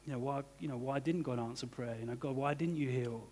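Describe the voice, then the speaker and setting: A man's voice: medium pitch, brisk, a little mellow, a little hiss or hum. Conversational man preaching in a reverberant church. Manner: conversational, many "you know" and "kind of" fillers. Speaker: pastor. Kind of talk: sermon. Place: church hall.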